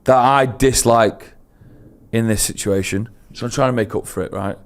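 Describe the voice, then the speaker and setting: A man co-hosting a casual podcast, telling a story with animated embarrassment. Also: mid-range voice, moderate pace. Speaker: podcast co-host.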